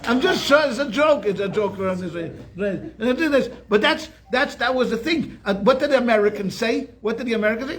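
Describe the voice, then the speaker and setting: Male rabbi with a high-pitched voice, chatty and joking as he teaches a class. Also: animated, a little fast, hardly any pauses, fairly bright tone. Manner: chatty storyteller, keeps asking "okay?"; frequent restarts and repeated words. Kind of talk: weekly Torah class with jokes.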